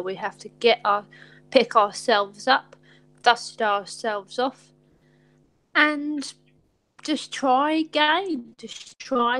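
A woman's voice: a little high, a bit bright, rough recording. A woman hosting a live stream chat, rambling in an upbeat, sweary way.

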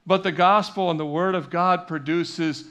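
Male pastor, middle-aged, church sermon, fairly high voice, conversational, repeats key lines. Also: steady tone, moderate pace, a bit bright, clear, resonant tone. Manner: conversational preaching with repetition and quoted dialogue. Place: church sanctuary.

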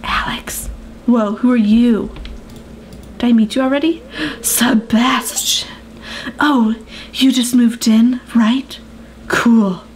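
A woman's voice: fairly high pitch, fairly even intonation, takes it slowly, pauses often, darkish tone, slight background noise. A woman hosting a let's play of a farming game, playful and chatty, full of gasps and asides. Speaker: gaming video host.

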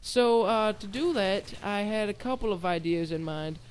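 Young male game commentator, high clear voice, rambling and giggly. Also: normal speed. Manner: rambling, giggly, self-deprecating. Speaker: gaming channel host. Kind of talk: casual gameplay commentary.

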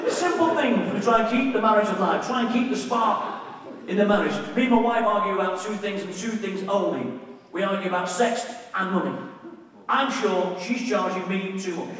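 A man's voice: high voice, moderate pace. A man from Liverpool with a Liverpool accent, doing a stand-up comedy routine of punchy one-liners on stage. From Liverpool, England. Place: on stage in a venue before a live audience. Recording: echoey room, far mic, crowd noise. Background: audience and room ambience.

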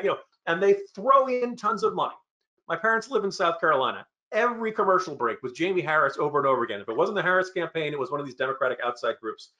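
A man on a political panel giving sardonic, fast-flowing analysis and mock-quoting his opponents. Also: a little high, animated, bright, forceful tone. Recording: lo-fi, muffled audio.

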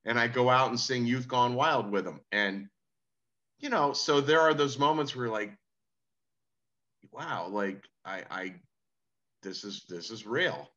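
A laid-back man telling a long anecdote as a podcast guest, his voice bright and forward in tone. The audio sounds a little dull and lo-fi, like a remote call. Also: mid-range voice, expressive, unhurried, pauses often. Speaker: musician guest. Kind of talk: casual interview storytelling.

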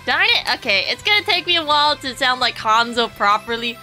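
Bright-voiced, sarcastic young woman streamer. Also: a little high, very animated, moderate pace, hardly any pauses, soft background music, rough recording. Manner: sarcastic, crude, laughing. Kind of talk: livestream game commentary.

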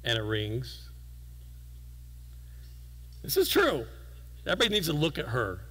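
Bright-voiced man preaching in a hall. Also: medium pitch, huge pitch swings, unhurried, a little hiss or hum. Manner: conversational storytelling with self-deprecating humor. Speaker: guest preacher. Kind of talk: sermon. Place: church sanctuary.

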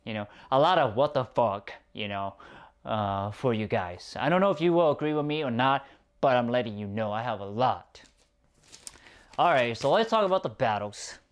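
Man, casual review rant, exasperated, profane, repetitive, highly animated pitch. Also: normal speed. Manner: exasperated, profane, repeats himself. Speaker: movie reviewer.

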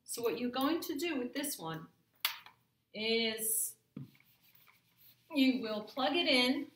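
A woman's voice: fairly high pitch, lively intonation, slow, a bit bright, a little hiss or hum. A woman teaching a French grammar lesson to her class, patiently checking in with "okay?" as she goes. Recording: echoey room.

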